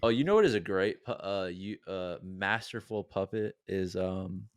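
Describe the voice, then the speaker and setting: A man with a lowish voice co-hosting a podcast. He rambles, laughs often and teases the others. The recording is dry and close, from a remote call mic. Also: moderate pace, smooth, dry recording. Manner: giggly, rambling teasing. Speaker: podcast co-host. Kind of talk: casual crude banter.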